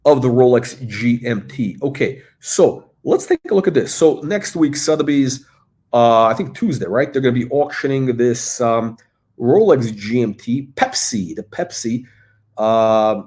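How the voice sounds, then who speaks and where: A man's voice: mid-range voice, darkish tone. Rambling, casual male livestream host. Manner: rambling, with many fillers and restarts.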